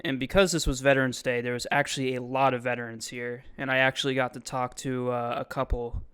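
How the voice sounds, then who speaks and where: A man's voice: mid-range voice, flat delivery, a little fast, fairly bright tone, clean tone. A man giving casual, rambling voice-over commentary on his own video, full of ums and likes. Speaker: vlogger. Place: voice-over, not recorded in the museum.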